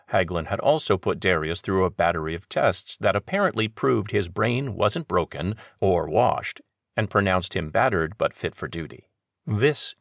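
A man narrating an audiobook in a steady, measured storytelling voice. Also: low-pitched, no room sound, studio quality.

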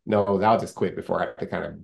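A man's voice: sits low, steady tone, quick pace, gravelly. A man speaking as a lawyer guest in a candid interview, earnest and rambling, with many restarts and fillers.

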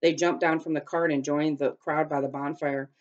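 Low-voiced teacher reading a storybook aloud. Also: female voice, normal speed, dull audio. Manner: steady, careful reading with small slips.

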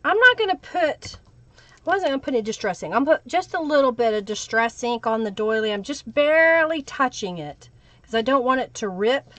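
A woman's voice: high voice, expressive, brisk, fairly bright tone, no echo. A woman hosting a live craft stream, chatting and thinking aloud while she works and greeting viewers by name. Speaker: craft livestream host. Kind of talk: live crafting tutorial with chat shout-outs.

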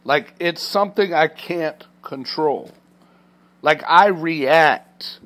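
A man's voice: fairly high pitch, slow pace. Indignant American man retelling a workplace run-in. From Kansas, US. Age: 30s. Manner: heated, indignant retelling that grows loud. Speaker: truck driver trainee, vlogger. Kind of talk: personal storytelling vlog.

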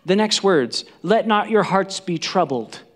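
A man's voice: high-pitched, expressive, a little slow. A male pastor preaching a sermon in a church, acting out the quoted voices with dramatic shifts.

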